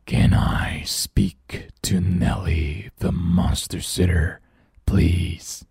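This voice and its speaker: A man voicing a scary monster father in a storybook, speaking in a hushed, breathy growl from a distance. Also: sits low, steady tone, drawn-out words, dry recording, studio quality, full character voice. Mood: spooky.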